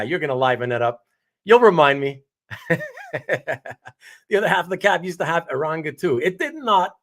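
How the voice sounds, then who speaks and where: A man's voice: a little high, a bit bright. Chatty man greeting live-stream viewers. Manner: chatty, reads chat names aloud, laughs often. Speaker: host of a live comic art stream.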